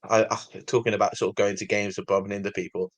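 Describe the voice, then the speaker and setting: Fast-talking English podcast host. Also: male voice, on the low side, flat delivery, dry recording. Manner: loose, full of fillers like "sort of". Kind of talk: casual interview chat.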